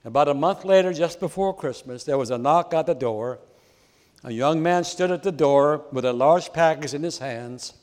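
A male preacher tells a story within his sermon and appeals earnestly to his audience. His voice sits slightly high. The long reverb of a large church hall follows every line. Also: normal speed, a little mellow.

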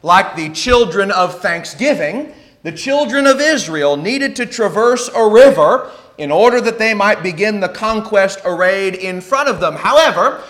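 A man with a high, bright voice delivers an evening Bible study sermon. He speaks earnestly, reading scripture passages and slowing down to stress key points. His tone stays clear and pointed throughout. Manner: earnest, slows down for emphasis. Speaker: preacher.

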